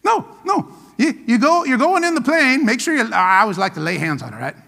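A man's voice: extremely high pitch, animated, quick pace, gravelly, pushed and bright, long reverb tail. A pastor preaching a sermon, emphatic and calling out to his congregation for answers. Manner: emphatic call-and-response preaching.

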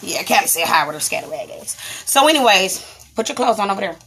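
Woman vlogger, raspy and kinda breathy, swearing and rambling through a story, keeps telling her kid to get dressed. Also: mid-range voice, expressive, fast talker, bright, forceful tone. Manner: candid, rambling, profane, breaks off to scold her child. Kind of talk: casual storytime monologue.

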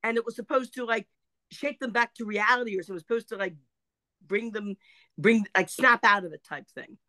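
A woman's voice: a little high, fairly quick, sharp tone, no echo. A woman casually recalling a childhood family memory, with many fillers and restarts. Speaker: relative sharing memories. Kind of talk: casual reminiscing chat.

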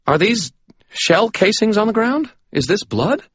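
A man's voice: high-pitched, sing-song, unhurried, a bit bright, slightly rough, no room sound, dull audio, pitched above the performer's own voice, heavily acted. A man voicing a flustered, fussy little medic. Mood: alarmed. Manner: flustered, sputtering, exasperated. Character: jittery, fussy little male medical examiner. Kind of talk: audiobook character voice.

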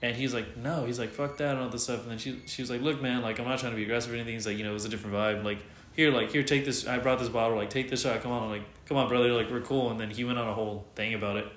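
Man, fast casual storytelling, animated quotes, roomy echo, faint background noise. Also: medium pitch. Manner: animated retelling, swears freely, quotes others in voices.

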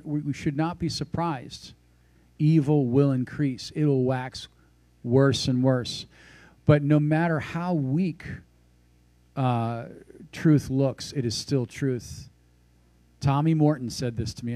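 Male preacher, conversational sermon delivery with asides, warm mellow tone, dry recording. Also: medium pitch, no room sound. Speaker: pastor.

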